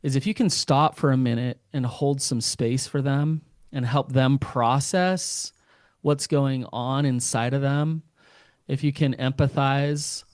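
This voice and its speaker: A man's voice: mid-range voice, darkish tone, no echo, clean studio sound. A man speaking as a couples therapist in a podcast interview, earnest and often acting out what partners say. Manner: earnest, acts out quoted partners.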